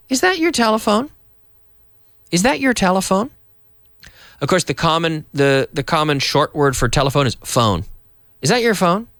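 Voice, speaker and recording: A man's voice: mid-range voice, a bit bright, no room sound, clean studio sound. A middle-aged man from Canada teaching English to Spanish speakers, acting out example sentences with big, exaggerated question intonation.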